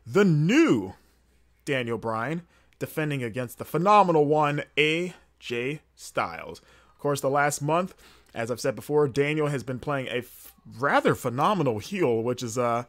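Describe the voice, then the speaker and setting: A man hosting his own podcast, talking through a recap in a loose, casual way. His delivery rambles, with frequent fillers and quick self-corrections as he gathers his thoughts. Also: mid-range voice, a bit bright. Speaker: podcast host. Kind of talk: casual solo recap commentary.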